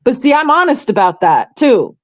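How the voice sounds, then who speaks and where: A woman's voice: high-pitched, sing-song, moderate pace, low-quality recording. A middle-aged woman with a New York accent, talking frankly and swearing in a casual chat.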